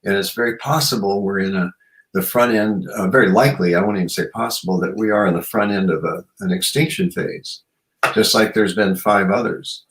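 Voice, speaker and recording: This author and shamanic practitioner, interviewed as a guest, speaks a little fast in a fairly low, slightly bright voice, earnest and musing with frequent "you know"s. The conversation is reflective, and the audio is poor.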